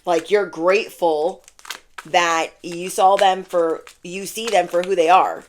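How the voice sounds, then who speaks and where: A woman's voice: lowish voice, fairly even intonation, slow, noisy background. A woman giving a channeled tarot reading, talking casually and bluntly and repeating her points for emphasis. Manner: emphatic and repetitive, lots of "like". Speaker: tarot reader.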